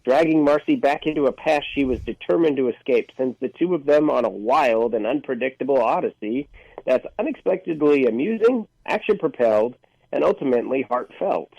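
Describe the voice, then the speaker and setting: A man's voice: mid-range voice, expressive, brisk, gravelly, a little mellow, no room sound, dull audio. Dry-voiced male movie reviewer. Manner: reads synopsis then jokes dryly. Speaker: podcast co-host. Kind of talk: casual movie review chat.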